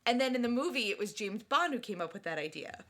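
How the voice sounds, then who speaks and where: A woman's voice: a little high, animated, quick pace, fairly bright tone. A woman co-hosting a podcast in casual book-and-film chat, giggly and often breaking into fits of laughter. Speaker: podcast co-host.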